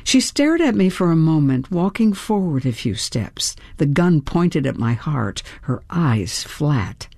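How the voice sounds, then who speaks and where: A woman reading a first-person audiobook in a measured storytelling voice that grows tense in the action scenes. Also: low-pitched, very animated, darkish tone, dry recording, studio quality. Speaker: audiobook narrator.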